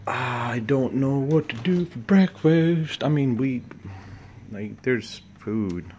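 In a relaxed vlog, a man slowly and expressively muses about his day and chats about his dogs, switching to a soft, higher baby voice when addressing them. There's slight background noise.

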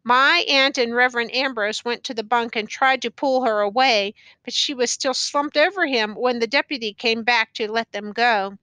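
A woman narrates an audiobook in a measured, even way. Her voice sits high and sounds bright. The recording is dry, with no room sound. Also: smooth, no room sound. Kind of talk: scripted narration.

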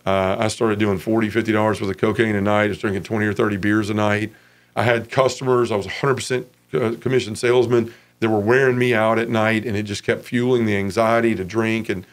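A man in his forties from Memphis, giving a frank, casual personal testimony as an interview guest. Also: fairly low pitch.

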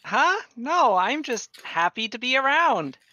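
A man's voice: very high-pitched, sing-song, slow pace, pushed and bright, dry recording, dull audio, pitched above the performer's own voice, heavily acted. A man doing a grinning, sweating town guard. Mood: forced cheer. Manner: strained cheerful, talking through gritted teeth. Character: nervous male town guard with forced grin.

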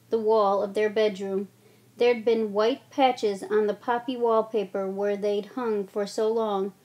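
A woman's voice: medium pitch, warm tone. Woman reading a storybook aloud. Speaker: narrator.

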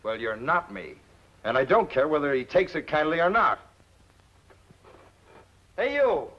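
An actor playing a surly outlaw with rude, blustering talk, from a muffled old TV soundtrack. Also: male voice, fairly high pitch, expressive, brisk, close to an everyday voice. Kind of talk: 1950s TV western acting.

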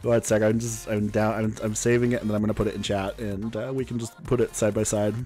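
A man's voice: fairly low pitch, little pitch movement, fast, a little mellow, soft background music. A young man live-streaming a game and chatting casually with viewers, a little sick, with a cough.

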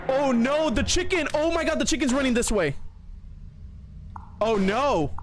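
A man's voice: very high-pitched, slow, soft background music. A man streaming a horror game, talking to his chat and shrieking whenever something scares him. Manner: excitable, shrieks when scared. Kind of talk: live gameplay commentary.

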